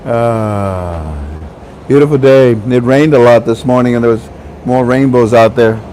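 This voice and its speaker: A man's voice: mid-range voice, little pitch movement, a little fast, warm tone, a little hiss or hum, low-quality recording. A man hosting a casual livestream, chatting with viewers, joking and laughing often. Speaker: livestream host.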